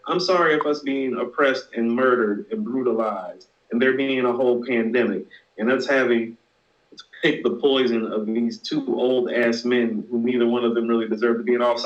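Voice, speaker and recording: A man's voice: medium pitch, moderate pace, muffled recording. Blunt, emphatic man in a roomy room. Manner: blunt, emphatic, repeats hold on and no. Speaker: podcast co-host. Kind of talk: heated casual debate.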